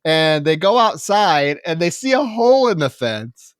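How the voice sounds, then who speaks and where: A man co-hosting a film podcast, recapping the plot in casual chat, animated and profane, laughing often. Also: on the high side, measured pace, smooth, no echo, studio quality. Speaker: podcast co-host.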